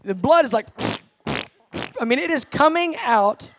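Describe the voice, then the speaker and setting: Man, pastor, sermon, high-pitched, animated storytelling, dry close mic. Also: slow pace, no room sound. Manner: animated storytelling with shouted acted quotes and laughter.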